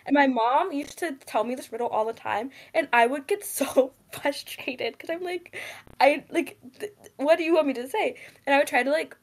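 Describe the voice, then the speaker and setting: A woman's voice: high-pitched, moderate pace. A young woman co-hosting a podcast in casual chat, rambling with many fillers and giggles. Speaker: podcast co-host.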